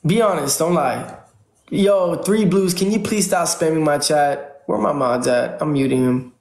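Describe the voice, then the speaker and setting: A man's voice: a little high, a little slow, creaky, darkish tone, roomy sound. A man livestreaming from home, pleading with viewers over and over and thanking them by name. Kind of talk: casual livestream chat. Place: home room.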